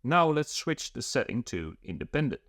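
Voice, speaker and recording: A man presenting a software feature demo, explaining each step in a steady, scripted way. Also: mid-range voice, normal speed, no room sound, clean studio sound.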